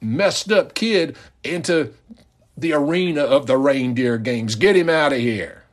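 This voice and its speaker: A man's voice: on the low side, takes it slowly, breathy edge, voice pushed down. A man voicing Santa Claus as a stern, scornful boss scolding a father.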